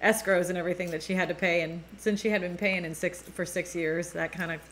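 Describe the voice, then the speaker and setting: A woman's voice: on the low side, steady tone, fast talker, a bit bright, a little hiss or hum. Chatty, laughing New England woman host. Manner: chatty, laughs often, reads viewer comments aloud. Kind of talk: casual live-stream chat.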